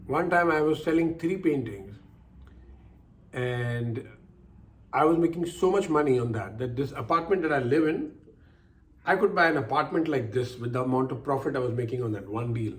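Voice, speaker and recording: An older man at a medium pitch and moderate pace shares personal stories as life lessons. He acts out the voices of the people he quotes and repeats phrases to drive his points home.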